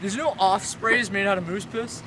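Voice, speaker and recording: A man's voice: high-pitched, steady tone, a little fast. A young man from Canada, joking and swearing in a crude, goofy way, talking casually outdoors. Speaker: vlogger. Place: outdoors by a road. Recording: outdoor noise, traffic passing.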